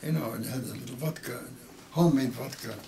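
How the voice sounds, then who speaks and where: A man in his eighties with Yiddish as his first language, telling a story with halting, repeated words that grow emotional. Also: medium pitch, creaky, mellow, slight background noise. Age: 80s. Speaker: interviewee. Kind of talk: oral history interview.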